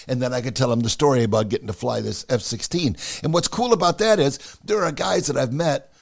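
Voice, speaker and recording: A man's voice: mid-range voice, a little fast, creaky, hardly any pauses. A man hosting a podcast, telling a personal story in a casual way and acting out the dialogue as he goes. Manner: animated, acts out the dialogue. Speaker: podcast host.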